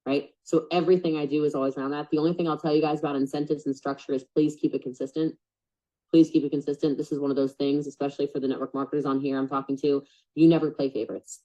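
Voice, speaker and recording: Woman business coach, low voice, casual and blunt, muffled video-call sound. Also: mellow. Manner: chatty and blunt, lots of fillers. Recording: dull lo-fi call audio.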